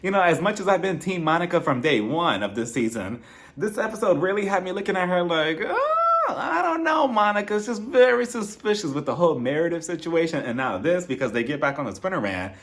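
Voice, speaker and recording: A man giving a casual, gossipy recap of a reality TV episode, laughing often and acting out what the cast said. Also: fast talker. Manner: gossipy, animated, laughs often and acts out quoted lines in high or low voices.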